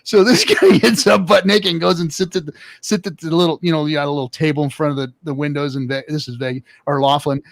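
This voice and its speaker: A man spins a long, profane story in a casual chat and acts out every quote. His voice sits fairly high with a gravelly edge. The sound is dry and close. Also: fast talker, no echo. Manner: animated, profane storyteller acting out quotes loudly. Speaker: show regular.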